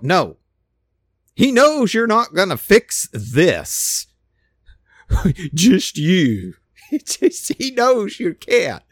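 A man preaching an informal sermon, emphatic and animated, with frequent restarts. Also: sits high, drawn-out words, pauses often, no echo. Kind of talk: casual sermon.

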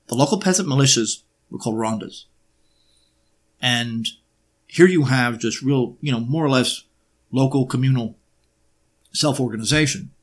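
This is a man's lecture-like monologue, pitched in the middle range. Filler hesitations are frequent, and he likes to pose sarcastic rhetorical questions.

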